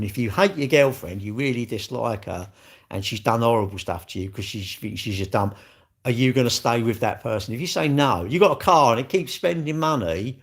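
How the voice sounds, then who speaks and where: Blunt rambling man. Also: mid-range voice. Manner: blunt, rambling, chatty with frequent restarts and laughs. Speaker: livestream host. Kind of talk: casual livestream chat answering viewer comments.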